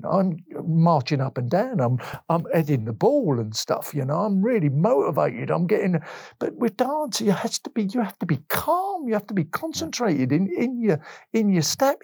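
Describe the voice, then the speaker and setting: A man in his fifties from England speaks with a high, gravelly voice that has a breathy edge, and the recording is dry. He's an interview guest telling his story candidly and emotionally. As he goes, he acts out past conversations with lively retold dialogue.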